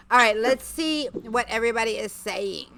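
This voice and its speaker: A woman hosting a casual livestream chat, talking warmly and a little scattered as she reads out viewer comments. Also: fairly high pitch, creaky, a little hiss or hum. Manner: chatty, reads viewer comments aloud, breaks off to call her dog. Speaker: livestream host.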